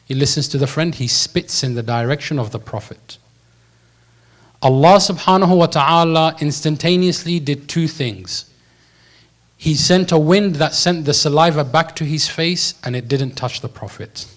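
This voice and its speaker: A man giving a sermon, telling a story and talking in a relaxed, slangy way. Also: fairly high pitch, normal speed. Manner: lively storyteller, slips into slangy voices for quoted characters. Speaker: preacher.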